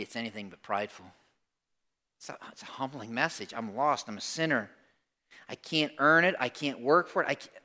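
Bright-voiced preacher, hushed then booming. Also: male voice. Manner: conversational preaching, swings from hushed to loud emphatic bursts. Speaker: pastor. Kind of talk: sermon. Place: church service before a congregation.

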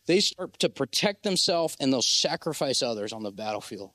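A man's voice: fairly high pitch, lively intonation, moderate pace, hardly any pauses, fairly bright tone, no room sound. A young man preaching a sermon, impassioned and exhorting, leading his listeners in call-and-response. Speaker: pastor.

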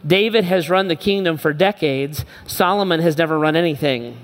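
A man's voice: fairly high pitch, moderate pace. A middle-aged male pastor preaching a sermon, emphatic and repetitive, speaking straight to his listeners. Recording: long hall reverb.

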